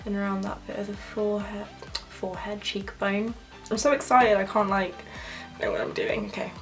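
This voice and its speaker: A young woman gushing excitedly while talking through a makeup tutorial. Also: mid-range voice, normal speed, soft background music. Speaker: makeup vlogger. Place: home filming setup with ring light.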